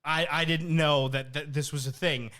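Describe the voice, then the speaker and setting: A fairly high-voiced man from New Jersey tells a podcast story in a loose, animated way. He swears freely and keeps the chat casual. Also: moderate pace. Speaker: podcast co-host.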